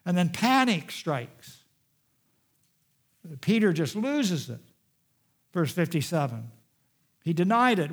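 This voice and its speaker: A man delivers a sermon by retelling a scripture scene. He shifts between urgent, raised passages and hushed, quiet moments. His speaking voice sits somewhat high for a man. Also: sing-song, takes it slowly, pauses often. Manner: dramatic storytelling, rising loud and dropping hushed. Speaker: preacher.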